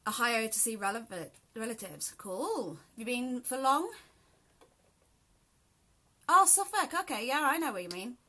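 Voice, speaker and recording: A fairly high, expressive female voice moves at normal speed with few pauses and a sharp tone. She's a sewing host from southern England whose accent blends southern English with South Yorkshire, leading a live sew-along tutorial and addressing viewers by name.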